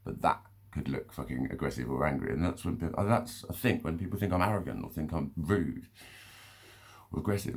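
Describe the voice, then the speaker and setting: A man's voice: rumbling low, animated, a little fast, breathy edge. A man talking to camera in a rambling, casual monologue, swearing often, stopping and restarting, with short laughs between phrases. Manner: rambling, swears a lot, self-interrupting. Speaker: vlogger.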